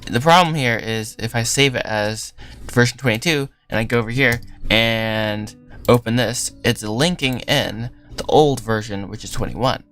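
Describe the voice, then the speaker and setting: A man's voice: mid-range voice, normal speed, fairly bright tone. A young man hosting a casual livestream, talking loosely while he works, rambling, trailing off and laughing often. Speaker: livestream host. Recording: faint lofi music behind.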